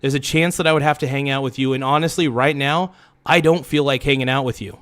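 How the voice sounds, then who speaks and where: A man's voice: medium pitch, steady tone, a bit bright. A livestream host talking straight to someone in a heated, repetitive rant. He swears, stumbles into restarts and keeps correcting himself. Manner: halting restarts and self-corrections. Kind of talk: livestream monologue.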